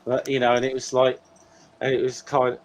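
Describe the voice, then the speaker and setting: A man's voice: medium pitch, monotone, brisk, slight background noise, low-quality recording. Rambling man chatting, many restarts. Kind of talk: casual chat.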